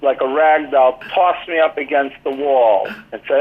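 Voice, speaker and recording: Over a tinny phone line, an older man talks at a moderate pace in a medium-pitched voice. As a guest in a casual interview, this former team athletic trainer and author rambles through anecdotes, leaning heavily on "you know."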